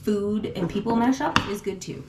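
A woman's voice: mid-range voice, normal speed, roomy sound, background noise. Chatty woman co-hosting a toy unboxing. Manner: chatty, mildly wry, trails off. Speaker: toy review co-host. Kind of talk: casual unboxing chat.

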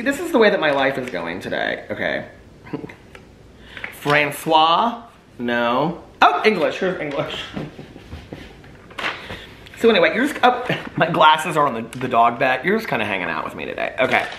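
Male vlogger, casual at home, self-mocking and rambling, animated delivery with a faint hiss behind. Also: on the high side, normal speed, long pauses, roomy sound. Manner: self-deprecating, laughing often, rambling. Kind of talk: casual chat to camera. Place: at home, room with ring light.

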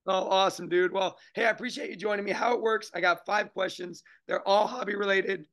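A man hosting a rapid-fire interview show, talking in energetic, hyped-up hobby slang over a video call. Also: sits high. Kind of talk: upbeat interview intro and questions.

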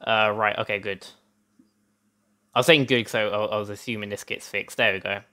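A man's voice: on the low side, steady tone, a little fast, bright, forceful tone. A young man hosting a let's play, chatting through gameplay in a rambling way with lots of restarts, hot and a little out of breath. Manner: chatty, rambling, self-interrupting with many restarts. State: hot and sweaty, a bit out of breath. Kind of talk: gameplay commentary.

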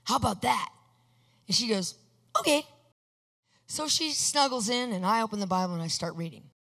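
A woman with a slightly high voice preaches a testimony sermon, animated and storytelling. She acts out each exchange of dialogue and breaks into excited shouts. Her voice rings with a long reverb in a large hall. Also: normal speed, vocal fry.

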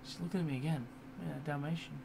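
A man's voice: fairly high pitch, steady tone, fast, gravelly, mellow. Rambling, cursing young man over fan hum. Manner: swears often, many fillers and restarts. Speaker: YouTuber. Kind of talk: casual rambling vlog. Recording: computer fan hum in background.

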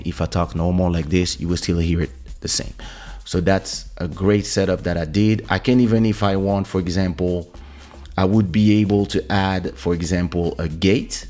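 A man hosting a live stream, explaining his audio setup step by step and speaking softly and loudly on purpose to show the effect, into a broadcast microphone. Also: low-pitched. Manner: explains step by step, talks loud and soft on purpose. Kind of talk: casual tech demonstration. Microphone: dynamic broadcast microphone.

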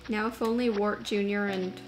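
A young woman streaming a video game, chatting to her viewers in a casual, gushing, easily excited way. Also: mid-range voice, normal speed. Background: game music.

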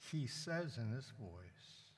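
Priest guy leading a guided meditation, soft and unhurried, lots of church echo. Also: mid-range voice, big pitch swings. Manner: slow, gentle, pausing between phrases. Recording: long church reverb.

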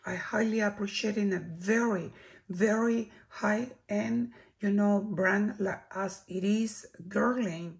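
This beauty vlogger is a Chilean woman with a Chilean Spanish accent who reviews products at an unhurried pace, slipping into soft whispers when something impresses her. Her voice is gravelly and medium-pitched, with fairly even intonation.

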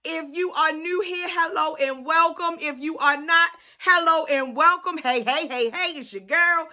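A woman's voice: high voice, unhurried, pushed and bright. A young adult woman, chatting playfully to camera as a vlogger and repeating herself to her viewers. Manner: chatty, playful, talks straight to viewers with lots of repetition. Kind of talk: casual chat to camera.

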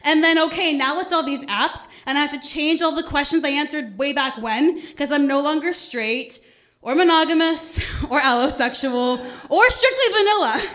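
A woman's voice: high-pitched, normal speed, fairly bright tone. A woman in her thirties from Ohio, telling wry stories with punchy lines in a stand-up set at a small arts centre. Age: 30s. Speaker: stand-up comedian.

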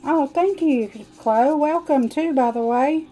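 Chatty country woman, mellow voice. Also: high voice, measured pace, a little hiss or hum, rough recording. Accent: Southern US country twang. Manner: chatty, rambling, talks to viewers while working. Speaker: live stream host demonstrating nails. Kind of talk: casual live demo chat.

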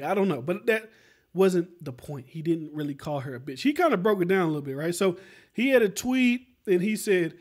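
High-voiced man rambling through commentary. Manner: rambling, animated, lots of "like" and "right?". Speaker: podcast host. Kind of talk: casual commentary.

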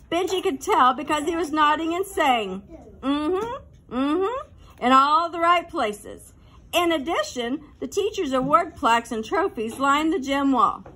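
Bright, high-voiced woman narrator. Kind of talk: audiobook narration of a children's novel.

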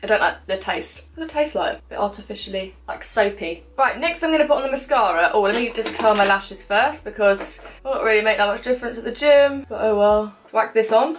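A woman's voice: mid-range voice, a little fast. A woman in her twenties chatting casually through a makeup tutorial, self-mocking and talking as she applies products at home. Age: 20s. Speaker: beauty vlogger.

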